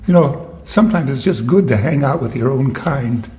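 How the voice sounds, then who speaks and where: A man's voice: mid-range voice, lively intonation, moderate pace, reverberant, background noise. A man poet at a live reading, introducing his poems in a conversational, wry way with small restarts. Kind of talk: live poetry reading with asides. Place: poetry venue, live audience.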